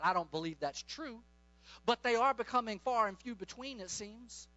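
Fervent high-voiced male preacher. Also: animated, normal speed, sharp tone, no echo. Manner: fervent, commanding, storytelling. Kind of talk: charismatic sermon. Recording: dull lo-fi recording.

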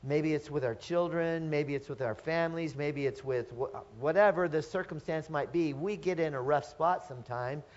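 A man's voice: fairly high pitch, moderate pace, few pauses. A middle-aged male pastor preaches in a slightly raised voice, earnest and searching. He keeps turning to his listeners with questions and starts his phrases over. The recording has a dull, lo-fi sound. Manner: earnest, asks the congregation rhetorical questions, restarts phrases. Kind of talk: sermon.

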